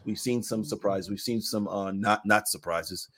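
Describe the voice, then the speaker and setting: A man in casual sports podcast chat, animated and laughing, acting out quotes as he talks basketball. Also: fairly low pitch, normal speed.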